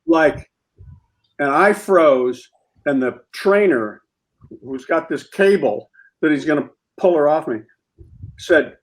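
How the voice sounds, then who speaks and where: Animated, somewhat high-voiced male storyteller. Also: slow, long pauses, low-quality recording. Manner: animated storyteller who acts out quotes. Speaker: guest. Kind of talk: comedic anecdote on a talk show.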